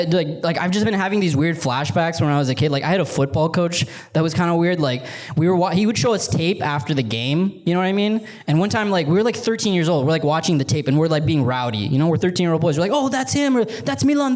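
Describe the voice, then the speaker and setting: A young man performing stand-up comedy on a theater stage, rambling and interrupting himself as he works the crowd. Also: a little high. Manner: rambling, self-interrupting, playful crowd work. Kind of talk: stand-up set. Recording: live club recording with crowd. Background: audience laughter.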